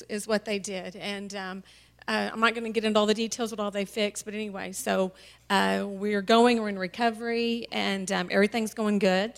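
Mom giving a teary testimony at church, lots of ums, voice breaking now and then. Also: female voice, mid-range voice, fairly even intonation, gravelly. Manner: tearful, halting with many fillers. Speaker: mother sharing a testimony. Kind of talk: emotional personal testimony. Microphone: handheld microphone.

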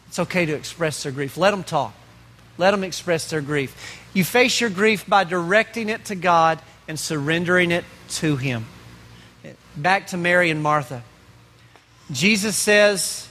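Guy preaching a sermon, bright sharp tone, lots of questions to the crowd. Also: sits high. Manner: preaching with rhetorical questions and pauses. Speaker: pastor.

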